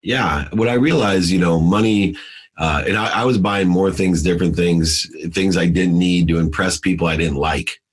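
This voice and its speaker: A man's voice: deep voice, moderate pace, breathy edge. A man telling his story as an interview guest, intense and emphatic in a motivational way.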